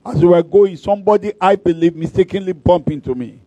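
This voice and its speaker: A Nigerian man preaching a sermon, declaring blessings over the congregation and telling stories in an animated way. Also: high voice, fairly quick, no echo, highs cut off. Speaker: pastor. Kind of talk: sermon with storytelling.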